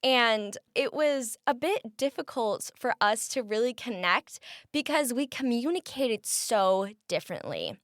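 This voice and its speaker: Young midwestern woman chatting as a guest, lots of ums and laughs, smooth clear voice, dry sound. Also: on the high side, very animated, unhurried, dry recording. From American Midwest. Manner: chatty, laughing, many fillers. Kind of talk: casual interview.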